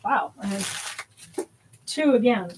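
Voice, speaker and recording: A woman's voice: medium pitch, lively intonation, slow pace, a little hiss or hum. A woman hosts a spiritual livestream in casual, rambling chat, a little out of breath. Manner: rambling, with many fillers and restarts.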